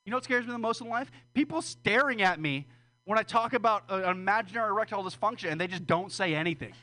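A man's voice: sits high, quick pace, pushed and bright. A man doing a rambling, profane, self-deprecating stand-up set at an open mic. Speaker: stand-up comedian. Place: small comedy room with audience.

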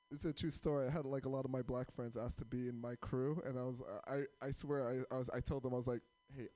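Male stand-up comic, higher-pitched voice, lively and rambling delivery. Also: no echo. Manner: rambling, self-deprecating, halting with fillers. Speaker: stand-up comedian. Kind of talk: stand-up comedy with crowd work.

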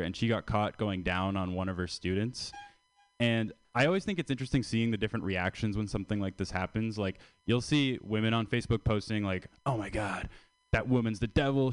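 A man's voice: on the low side, clear, resonant tone, no room sound. A man doing a casual, crude stand-up bit at an open mic. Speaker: stand-up comedian.

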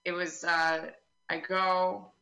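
A young woman doing a stand-up comedy set, telling stories in a deadpan way with quick asides. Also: fairly low pitch, roomy sound, rough recording.

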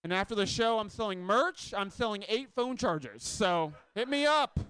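Animated high-voiced male comic on stage. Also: moderate pace. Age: 30s. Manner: loose conversational delivery with shouted punchlines. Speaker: stand-up comedian. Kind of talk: stand-up set. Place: comedy club stage.

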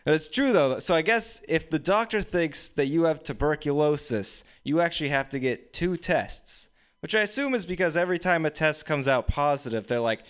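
A young man in his twenties telling casual, deadpan stand-up stories at an open mic. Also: a little high, a little fast, smooth. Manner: casual, deadpan storytelling with frequent laughs. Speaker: stand-up comedian. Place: small room with few people. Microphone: stage microphone.

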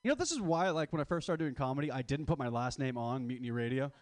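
A man's voice: medium pitch, animated, fast, no room sound, studio quality. A man in his twenties doing a stand-up comedy set, crude, rambling and self-mocking. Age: 20s. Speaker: stand-up comic.

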